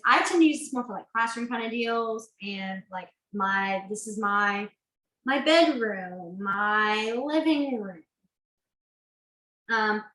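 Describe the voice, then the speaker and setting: A woman's voice: on the high side, fairly bright tone, reverberant, poor audio. A woman teaching a beginners' sign language class, chatty and self-correcting, laughing easily. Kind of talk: online class instruction.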